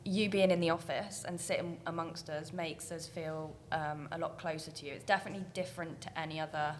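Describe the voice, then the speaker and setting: A woman chatting casually on a workplace podcast, giggly and quick to agree. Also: low-pitched, fairly even intonation, slight background noise. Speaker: employee and podcast co-host.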